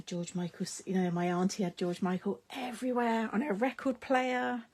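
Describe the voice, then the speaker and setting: A woman's voice: medium pitch, fairly even intonation, a little slow, darkish tone, husky. A middle-aged woman hosting a craft live stream, chatting casually with viewers, rambling with frequent laughs and trailing sentences. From United Kingdom. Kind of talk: casual chat while crafting, replying to viewer comments.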